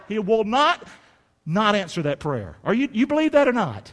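Middle-aged preacher guy, folksy, high-ish voice jumping all over, long hall echo. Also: huge pitch swings, moderate pace. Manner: folksy, rising to shouts and dropping to near-whispers. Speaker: pastor. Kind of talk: sermon.

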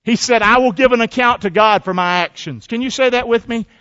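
A man preaching a sermon as pastor, energetic and folksy, calling on the congregation to answer and repeat after him. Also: extremely high pitch, fairly quick. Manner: energetic, call-and-response preaching with folksy asides. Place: church. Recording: dull lo-fi church recording with long reverb.

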